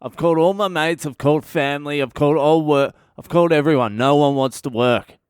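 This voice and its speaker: A man voicing an aggressive, ranting middle-aged man who shouts and swears in loud, repetitive bursts. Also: fairly high pitch, fairly quick, smooth, no room sound, studio quality, close to an everyday voice. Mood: furious.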